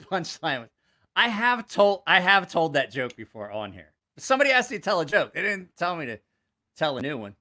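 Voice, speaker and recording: A man's voice: a little high, normal speed. A man hosting his channel, telling crude jokes in casual livestream style, swearing freely and laughing at his own punchlines. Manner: animated joke telling. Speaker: channel host.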